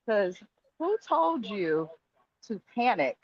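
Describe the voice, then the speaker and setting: Woman guest co-host, blunt opinions, mid-pitched, dull lo-fi call line. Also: big pitch swings, takes it slowly, dry recording. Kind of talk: casual reality TV recap. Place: at work.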